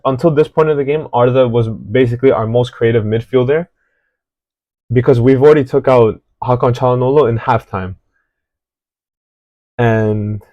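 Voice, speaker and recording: Man, mid pitch, casual football reaction host, rambling and hesitant, dry muffled home sound. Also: dark tone, no room sound. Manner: rambling, hesitant, many fillers and restarts. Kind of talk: casual match analysis.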